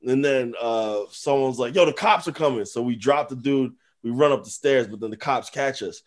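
A man co-hosting a podcast in casual chat, an animated storyteller who acts out voices and laughs often. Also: medium pitch, moderate pace. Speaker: podcast co-host. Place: informal podcast studio.

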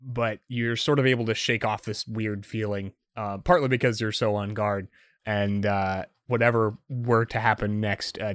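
A man's voice: mid-range voice, a bit bright, dry recording, clean studio sound. A man narrating as game master of a tabletop role-playing game, loose and full of hedging fillers.

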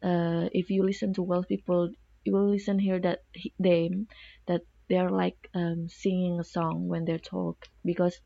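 A woman student in a casual discussion, talking haltingly with many fillers. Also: lowish voice, little pitch movement, gravelly, mellow, no room sound, muffled recording.

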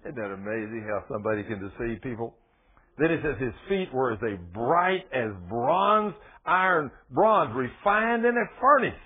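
A man preaching a folksy, animated sermon on the radio, swinging from soft, low passages to excited outbursts. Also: moderate pace, slightly rough. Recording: tinny phone-like radio sound.

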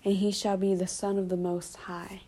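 A woman's voice: mid-range voice, flat delivery, moderate pace, warm tone, husky. A woman casually retelling a Bible story in her own words, full of informal fillers. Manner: informal, with frequent "basically", "like" and "you know". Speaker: Bible study presenter.

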